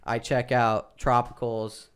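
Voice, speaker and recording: A man's voice: medium pitch, slow, clear, resonant tone. A young man, a podcast co-host, telling a travel story in casual chat and acting out the people in it. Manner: animated storyteller, acts out other people's voices.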